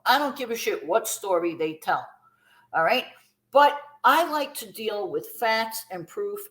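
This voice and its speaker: A woman's voice: mid-range voice, rough recording. A woman in her fifties, a former b-girl dancer, telling her story bluntly and emphatically as an interview guest, with free swearing.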